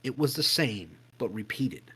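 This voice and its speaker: A man co-hosting a podcast, telling a spooky story in a casual, animated way, swearing freely and acting out voices and sounds. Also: mid-range voice, measured pace, husky, low-quality recording. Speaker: podcast co-host.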